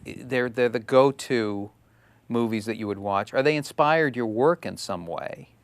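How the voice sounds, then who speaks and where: A man's voice: mid-range voice, measured pace, clean tone. A middle-aged man hosting an interview, joking and riffing on his guest's stories. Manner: jokey, riffs on the guest's stories. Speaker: host. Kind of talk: casual interview chat.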